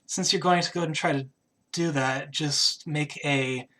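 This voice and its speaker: Bright, halting game master narration. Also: medium pitch, steady tone. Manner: hesitant narration with many "uh" and "kind of".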